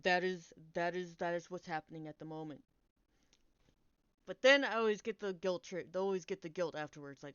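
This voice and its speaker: A young woman chats to her stream in a smooth, resonant voice, rambling animatedly through a story, swearing freely and cutting herself off mid-sentence. The mic sounds dry and a little dull, like lo-fi stream audio. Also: on the low side, a little fast, fairly bright tone, no echo. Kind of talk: casual storytelling chat.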